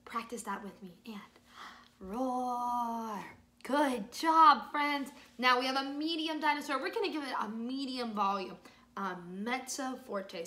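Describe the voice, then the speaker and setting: A woman music teacher reading a picture book aloud to young children, slow and exaggerated, with encouraging praise, sung bits and shifts between whispers and loud parts. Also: a little high, roomy sound. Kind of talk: children's storytime read-aloud and music lesson.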